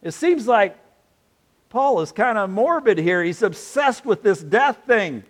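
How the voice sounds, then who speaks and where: Male pastor, high and lively voice, unhurried sermon delivery with playful audience back-and-forth. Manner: animated, playful, asks the audience questions. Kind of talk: sermon with congregation interplay.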